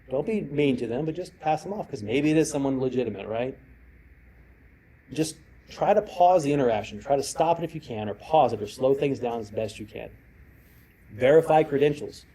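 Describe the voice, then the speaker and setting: In a presentation room, a middle-aged man delivers a security conference talk built on stories, performing the quoted voices of his characters. His mid-range voice is expressive, warm and slightly rough, a little fast, and the recording is low quality.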